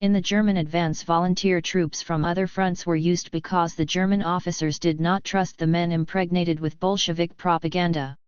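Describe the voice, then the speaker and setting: A woman reading a memoir aloud as narration, in a steady, measured way. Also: lowish voice, clean tone, dry recording, dull audio. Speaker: audiobook reader. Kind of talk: scripted narration.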